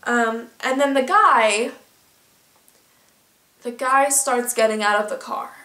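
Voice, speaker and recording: A teenage girl vlogger telling a story in a chatty, filler-heavy, animated way. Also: on the high side, slow pace, echoey room. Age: teens. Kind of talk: casual storytelling.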